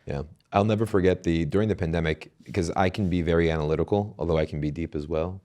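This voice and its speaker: A male podcast host with a very deep voice talks quickly and eagerly. He keeps affirming his guest in a loose, casual interview. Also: fairly even intonation, mellow. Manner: enthusiastic, affirming.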